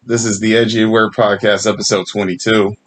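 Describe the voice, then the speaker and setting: A man's voice: on the low side, flat delivery, a little fast, a bit bright. A man co-hosting a casual podcast, joking crudely and swearing freely. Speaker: podcast co-host. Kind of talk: casual chat.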